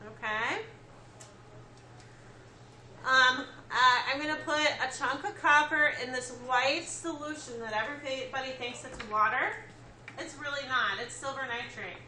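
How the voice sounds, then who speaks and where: Taking her time, a woman lectures a chemistry class in a high, bright, forceful voice, explaining step by step and checking in with students. The classroom recording is echoey with faint ambience and a little hiss or hum.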